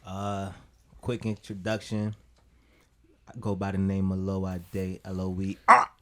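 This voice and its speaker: A man's voice: low voice, completely flat delivery, a little slow, pushed and bright. A man, a guest on a casual podcast, talking in a loose, rambling way and often saying "you know what I'm saying". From Brooklyn, New York. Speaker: guest musician.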